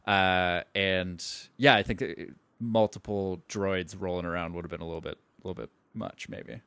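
A man's voice: deep voice, steady tone, normal speed, fairly bright tone, smooth, no room sound. A man co-hosting a casual podcast, discussing movies hesitantly with many ums and restarts. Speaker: podcast co-host.

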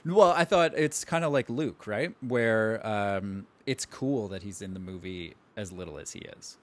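Low voiced dude on a movie podcast, lots of um and you know, kinda hesitant. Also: male voice, a little slow. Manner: hesitant, many fillers and restarts. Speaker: podcast co-host. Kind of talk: casual film discussion.

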